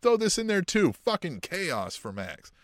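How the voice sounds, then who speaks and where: A man co-hosting a wrestling podcast, excitable and profane, acting out quotes in a higher voice. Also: unhurried, dry recording, clean studio sound. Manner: excitable, swears a lot, acts out quotes in a higher voice. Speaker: podcast co-host. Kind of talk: casual wrestling chat.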